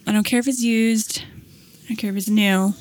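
A woman of medium pitch and moderate pace shares a long anecdote in an easygoing conversation. She tells it animatedly, imitating what people said, and relies on many fillers.

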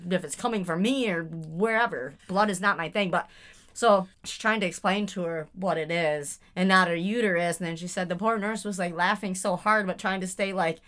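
A young woman co-hosting a podcast, telling a funny story in a giggly, animated way and acting out the voices. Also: lowish voice, moderate pace. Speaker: podcast co-host. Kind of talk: casual chat.

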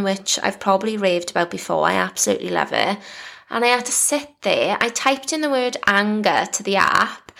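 A woman's voice: medium pitch, creaky, fairly bright tone. A woman in her thirties with a British accent, hosting a podcast in a chatty, confiding way with lots of "like" fillers. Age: 30s. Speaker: podcast host. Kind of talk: casual solo podcast chat.

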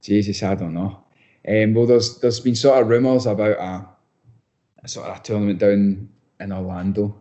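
A man's voice: lowish voice, steady tone, moderate pace, mellow, highs cut off. A young Scottish man, a footballer being interviewed, chatting casually with lots of restarts and repeated words. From Scotland. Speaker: footballer guest.

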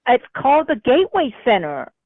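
A woman from New Mexico calling into a talk show, talking in an excitable, scattered way. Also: high voice, fairly quick, no room sound. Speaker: caller. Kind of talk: phone-in call. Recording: phone line.

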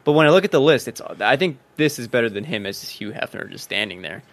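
Male co-host, unsure and mulling things over out loud. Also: mid-range voice, animated, quick pace. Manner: hesitant, thinks aloud with restarts. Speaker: podcast co-host. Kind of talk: casual chat.

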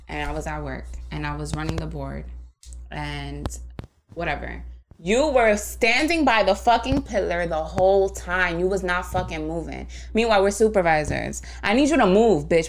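A woman hosting a podcast, telling a story in a casual, animated way with lots of swearing and laughter. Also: medium pitch, a little hiss or hum. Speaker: podcast host. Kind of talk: casual chat.

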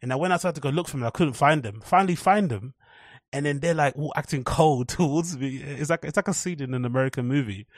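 On his own podcast, a young host spins loose, swear-filled stories in a casual monologue, doing lively impressions of whoever he's quoting. His voice sits on the high side and moves quickly, captured dry in a clean studio.

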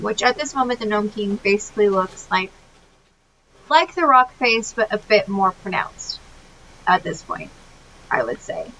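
Bright-voiced woman recapping a film. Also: mid-range voice, slight background noise, rough recording. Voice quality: animated, many fillers, laughs often. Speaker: podcast co-host. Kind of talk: casual film recap chat.

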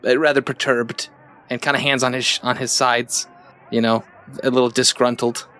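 A man playing a tabletop game, describing his character with frequent hesitations and restarts. His voice is bright and forceful. He speaks at a middling pitch. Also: flat delivery, normal speed. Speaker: player.

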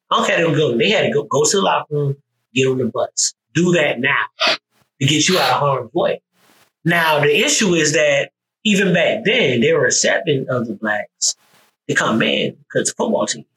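A man from the American South talking casually on a podcast, telling stories in an animated way with frequent restarts and some swearing. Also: on the high side, slight background noise, low-quality recording. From US South, Georgia. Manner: animated storytelling with repeated restarts; profane, conversational.

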